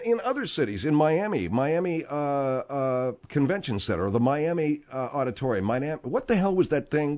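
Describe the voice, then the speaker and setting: A man's voice: on the high side, a little mellow. A man in his sixties hosting a radio talk show, rambling and joking in a sardonic way with his co-hosts. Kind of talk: casual radio banter.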